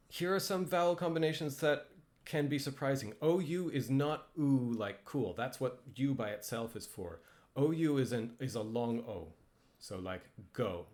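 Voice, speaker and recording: A man's voice: mid-range voice, a little mellow. Hesitant man teaching with many ums. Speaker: language instructor. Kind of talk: casual lecture with slides.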